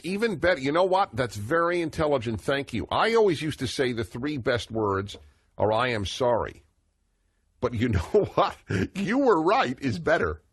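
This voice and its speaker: A man's voice: on the low side, slightly rough, no room sound. A man, hosting a call-in radio talk show, expansive and opinionated, chuckling now and then.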